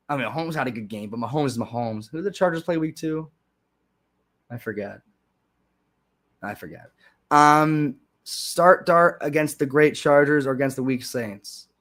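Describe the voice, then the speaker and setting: A young man hosting a live stream, chatting casually and sarcastically, with frequent restarts and sudden loud rants. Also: a little high. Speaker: livestream host.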